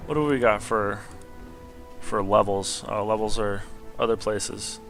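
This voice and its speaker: A young man casually commentating a replay of his own match, getting excitable at big plays. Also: lowish voice, unhurried, soft background music. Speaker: gameplay commentator.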